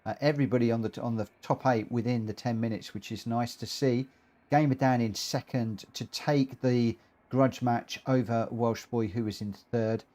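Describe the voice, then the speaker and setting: A man hosting a live racing game stream, talking excitedly and rambling, often tripping over his own words. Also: medium pitch, moderate pace.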